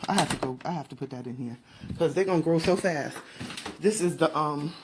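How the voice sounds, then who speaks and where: A woman's voice: deep voice, brisk, noisy background. A woman vlogging casually as she walks through her townhouse, talking straight to her viewers. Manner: talkative, addresses viewers directly. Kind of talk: casual chatty home vlog. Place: indoors at home in a townhouse.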